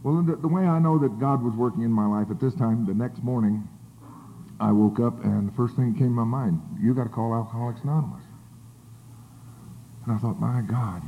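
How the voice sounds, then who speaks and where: A man's voice: on the low side, fairly quick. An older man telling a rambling personal recovery story to a group, with many fillers and restarts. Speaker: speaker sharing his recovery story. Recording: tinny phone-like audio.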